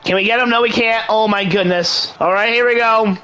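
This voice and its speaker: High-voiced hyped male game commentator. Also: fairly even intonation, a little fast, bright, forceful tone, clean tone, rough recording. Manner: hyped, mock sports-announcer delivery. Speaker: gaming channel host. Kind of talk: excited play-by-play commentary over a video game.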